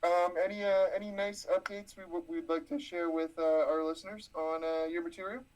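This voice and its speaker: A man's voice: high voice, fairly even intonation, a little fast, a little mellow, poor audio. A man co-hosting a casual podcast, rambling and hesitant with many filler words. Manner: rambling, hesitant, lots of ums. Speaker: podcast co-host.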